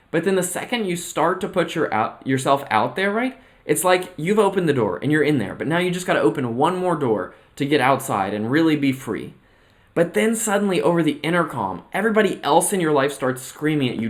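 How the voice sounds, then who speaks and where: A man's voice: fairly high pitch, sing-song, fairly quick. A man coaching on mental health in a motivational vlog monologue. He talks earnestly and keeps checking in with "right?" and "okay?". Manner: mixes personal anecdotes with an extended analogy. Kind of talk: motivational self-reflection monologue.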